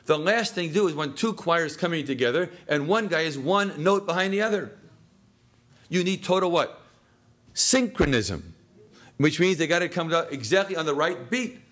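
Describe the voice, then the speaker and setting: A man's voice: a little high, animated, normal speed, a bit bright. Quizzing male teacher leading a class. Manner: questioning, answers his own questions; jokey, chuckles at his own lines. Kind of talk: classroom text study lecture. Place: classroom with students.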